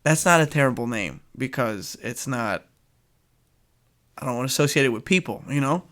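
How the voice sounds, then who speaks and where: A man's voice: mid-range voice, expressive, normal speed, fairly bright tone. A young man with a nasal voice hosting a casual solo podcast, rambling and joking with frequent laughs. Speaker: podcast host.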